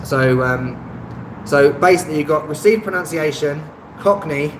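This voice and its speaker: A man's voice: on the high side, normal speed. A man from London with an Estuary English accent, chatting casually on a live stream and reading out viewers' comments. He rambles, with lots of ums and restarts, and pokes fun at himself. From London, England. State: tired, no rest. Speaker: travel vlogger on a live stream. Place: rented room indoors. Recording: echoey room with loud background noise and passing vehicles.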